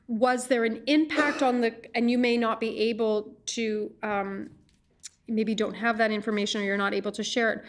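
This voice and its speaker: A woman on a legislative committee, questioning a witness in an impassioned, halting way, often repeating words as she speaks. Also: on the high side.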